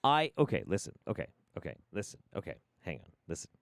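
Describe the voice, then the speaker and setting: Male stream host, low voice, swings his pitch a lot, swears freely, dry sound. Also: fast, creaky, no room sound. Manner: animated, profane, rambling. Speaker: livestream host. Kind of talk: livestream commentary.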